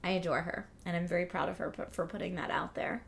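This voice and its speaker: A woman's voice: lowish voice, little pitch movement, fast talker, vocal fry. A woman hosting a livestream, chatting casually and reading out viewer comments in an upbeat, rambling way. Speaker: livestream host.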